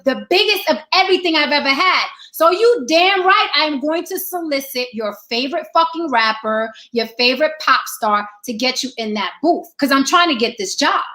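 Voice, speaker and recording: A woman's voice: sits high, bright, forceful tone. A woman hosting a discussion show, talking in an emphatic, profane way and repeating rhetorical questions to drive her point home. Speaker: podcast host. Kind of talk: opinionated discussion.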